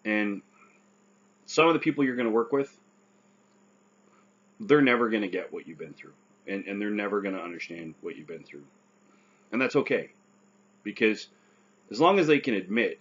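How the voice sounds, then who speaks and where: A man's voice: on the low side, animated, moderate pace, long pauses, fairly bright tone, slightly rough, dull audio. A man who survived a stroke gives earnest, casual advice, often checking in with "right?".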